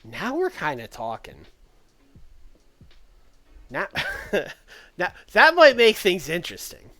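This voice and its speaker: A man's voice: high-pitched, wildly swooping pitch, slow, bright, forceful tone, dry recording. Chatty man streaming a game. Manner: chatty, thinks aloud, talks to chat. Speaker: livestreamer. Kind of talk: casual game commentary. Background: faint background music.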